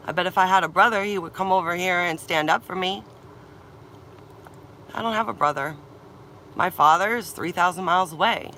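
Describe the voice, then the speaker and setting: A young woman rants into her camera, upset and close to tears, swearing and circling back to the same complaints. Her voice is bright and edgy, with a faint outdoor hum behind her. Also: lowish voice. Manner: upset, ranting, swearing, repeating herself. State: tearful and agitated. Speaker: vlogger. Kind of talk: emotional venting vlog. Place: camper van or campsite.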